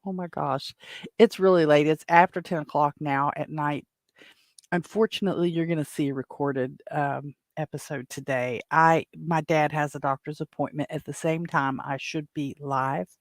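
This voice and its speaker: A woman's voice: low voice, fairly even intonation, moderate pace, dry recording, studio quality. A tired woman hosting her own podcast, rambling and chatty, with many restarts and fillers, into a home microphone. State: tired, yawning. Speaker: podcast host. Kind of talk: casual solo podcast.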